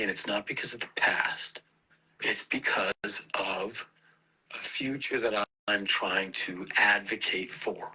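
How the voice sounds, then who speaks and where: A man giving a halting, earnest personal statement, choking up at times. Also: lowish voice, pushed and bright, slightly rough, poor audio.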